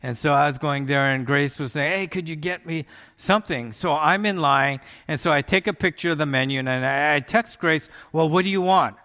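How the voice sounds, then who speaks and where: Pastor preaching in a reverberant hall. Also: male voice, fairly high pitch, moderate pace, bright, forceful tone. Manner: conversational storytelling preaching with laughs. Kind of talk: sermon.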